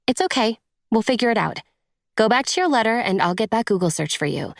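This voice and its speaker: A woman narrator voicing a caring young female friend in an audiobook, speaking softly and reassuringly. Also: fairly high pitch, expressive, a little fast, creaky, no echo, studio quality, pitched above the performer's own voice. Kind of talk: audiobook character voice.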